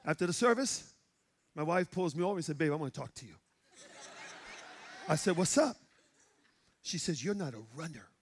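A male pastor from Chicago with a Chicago accent, preaching and telling stories, going from loud shouts to hushed quiet. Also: on the high side, animated, normal speed, pauses often, a little hiss or hum. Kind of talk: sermon. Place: church sanctuary.

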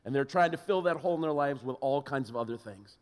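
A man's voice: mid-range voice, fast talker. A man preaching a sermon and laying out his numbered points. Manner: lively, lays out numbered points.

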